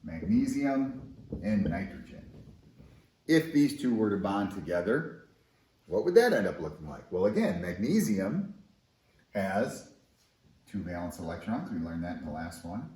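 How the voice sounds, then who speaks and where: Lively conversational male chemistry teacher. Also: on the low side, a little slow, long pauses, echoey room, rough recording. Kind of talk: recorded classroom lesson.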